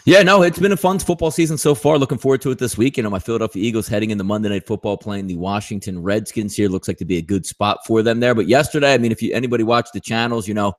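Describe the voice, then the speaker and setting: A man chatting casually on a sports betting roundtable, with quick asides. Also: on the low side.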